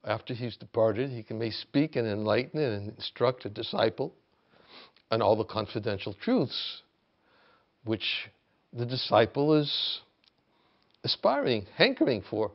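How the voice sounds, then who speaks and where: A man giving a reflective talk as a spiritual teacher, halting and restarting often, rising to emphasis as he retells a story. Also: medium pitch, very animated, lo-fi sound. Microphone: video call.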